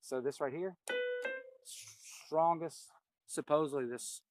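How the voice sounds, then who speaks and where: On the high side and slow-paced, a man leads an informal ear-training session at the piano, identifying the notes he plays and reasoning aloud. Piano playing comes through loud behind his voice.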